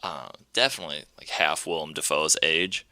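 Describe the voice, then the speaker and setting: A man's voice: extremely low pitch, normal speed, pushed and bright, dry recording. A man casually recapping a movie scene by scene on a podcast, rambling and laughing as he goes. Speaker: podcast co-host.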